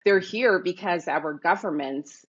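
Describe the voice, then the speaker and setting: A woman from Canada, a guest in an interview, who talks in a thoughtful, animated way with many fillers. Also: lowish voice, a little slow, slightly rough, muffled recording. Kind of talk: casual interview talk.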